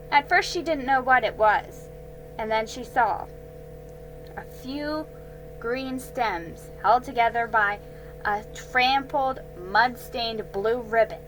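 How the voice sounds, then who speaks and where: A woman reading a children's storybook aloud, slow and careful, with small slips she corrects. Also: high voice, sharp tone, rough recording.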